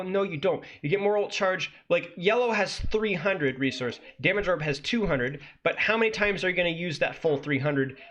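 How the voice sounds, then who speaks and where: A man with a fairly high, bright, pressed voice, reviewing a game guide on stream like a coach. He talks it through casually but keeps tipping into exasperated rants and disbelieving outbursts. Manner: exasperated, ranting critique with sudden incredulous outbursts.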